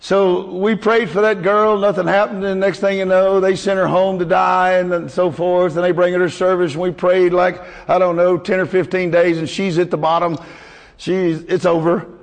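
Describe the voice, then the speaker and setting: A man's voice: sits high, little pitch movement, moderate pace, in a large hall. A male pastor preaching a folksy, emotional sermon to his congregation.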